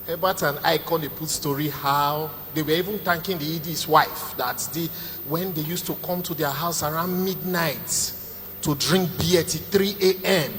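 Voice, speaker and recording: A middle-aged man with a Nigerian accent works a stand-up crowd, spinning stories and putting on voices for the people in them. His voice is bright and sits a little high. The long echo of a large hall and a faint hum of ambience hang behind him. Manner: storytelling with Pidgin asides, acting out the people he quotes. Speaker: stand-up comedian. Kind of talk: live stand-up comedy set.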